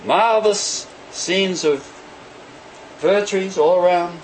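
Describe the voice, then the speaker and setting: A man preaching with a high voice that swings widely up and down, giving an animated sermon. He slips into the voices of the people he quotes. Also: slow pace, slight background noise, rough recording.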